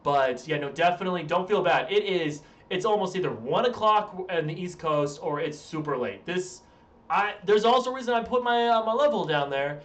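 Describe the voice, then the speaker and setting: A tired young man streams from a room at home, chatting casually with his audience and rambling as he interrupts himself. His high voice has lively intonation and a moderate pace, picked up from a distance with a roomy echo.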